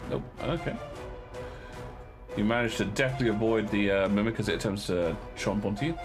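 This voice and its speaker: A man's voice: lowish voice, moderate pace, music in the background. A man running a tabletop game as dungeon master, talking with many fillers and restarts.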